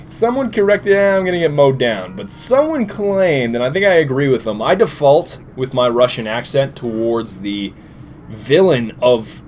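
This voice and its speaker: A tired young man giving casual, jokey gameplay commentary with sudden loud outbursts. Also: a little high, slight background noise. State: tired, short on sleep. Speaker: gaming commentator.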